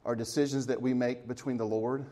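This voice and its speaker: A man's voice: medium pitch, flat delivery, brisk, warm tone. Chatty storytelling man preaching. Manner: conversational storytelling with light humor. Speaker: church elder preaching. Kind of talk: sermon.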